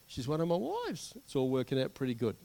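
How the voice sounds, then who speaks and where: A man's voice: mid-range voice, huge pitch swings, fairly quick, gravelly, mellow, dry recording. A man voicing a scheming ancient king in a sermon retelling, his voice lifted and gleeful as the king congratulates himself. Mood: smug. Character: scheming ancient king, smug and self-satisfied.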